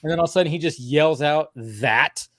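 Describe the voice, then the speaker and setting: A man with a fairly high voice hosts a casual chat. He is enthusiastic and keeps repeating his words. The sound is dry and close. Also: brisk, fairly bright tone, no room sound. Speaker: stream host.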